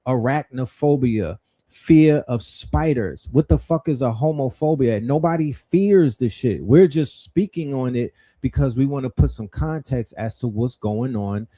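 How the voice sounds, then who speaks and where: A man's voice: mid-range voice, measured pace, mellow. A middle-aged man hosting a livestream, speaking in a rhetorical, questioning style with blunt profanity. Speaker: livestream host. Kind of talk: livestream commentary.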